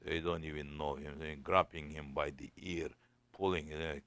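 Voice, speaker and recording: A man's voice: a bass voice, fairly even intonation, moderate pace, fairly bright tone, no room sound. A man preaching a sermon as a sheikh, telling stories in simple non-native English.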